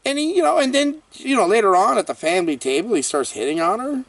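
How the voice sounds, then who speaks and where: Excitable man, lively up-and-down voice. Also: sits high, quick pace, no room sound, recorded from a distance. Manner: excitable and rambling, with frequent exclamations and fillers. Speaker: horror movie reviewer, channel host. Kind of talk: casual movie review vlog.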